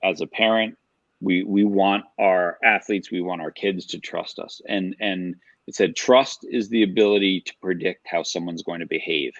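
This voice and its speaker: A middle-aged man who writes books and coaches youth sports talks earnestly as a podcast guest, chatting casually and illustrating his points with examples. His voice is deep and slightly bright, at a normal pace. The recording is lo-fi with no room sound.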